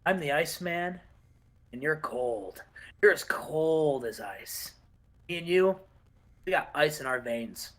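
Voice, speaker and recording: A man playing an intense male wrestler cutting a slow, menacing promo in a game session. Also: animated, fairly bright tone. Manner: low, slow, menacing delivery.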